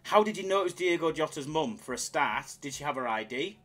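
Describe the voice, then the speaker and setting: A man's voice: a little high, animated, brisk, a bit bright, soft background music. A man streaming slots live, bantering with chat in a jokey, hyped-up way. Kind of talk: casual live-stream chatter.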